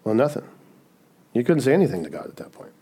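Animated man preaching a sermon. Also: mid-range voice, fast talker, slightly rough. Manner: animated, asks "right?" often, acts out scenes.

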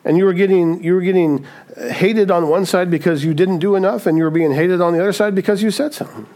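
Preaching man, higher-pitched voice. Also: fast, a little mellow. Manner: conversational preaching, rhetorical "right?" tags; acts out quoted voices. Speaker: pastor. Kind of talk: sermon.

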